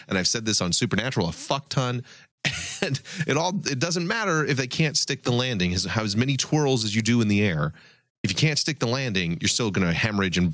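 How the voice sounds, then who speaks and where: A man's voice: lowish voice, fairly bright tone, dry recording, studio quality. A man hosting a casual podcast discussion, frank and laughing often as he swears casually. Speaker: podcast host.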